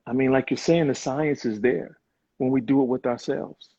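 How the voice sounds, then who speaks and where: A man's voice: mid-range voice, fairly even intonation, normal speed, warm tone, slightly rough. Earnest man on a muffled call. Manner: earnest, reflective, with many fillers. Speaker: guest on a live video chat. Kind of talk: casual conversation. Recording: muffled, lo-fi video call audio.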